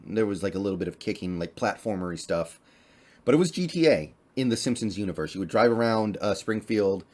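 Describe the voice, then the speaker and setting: Young male gaming host, lower register, relaxed off-the-cuff chat. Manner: chatty, offhand, thinking aloud. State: slight cough and voice crack. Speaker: gaming YouTuber. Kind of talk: casual tier-list commentary.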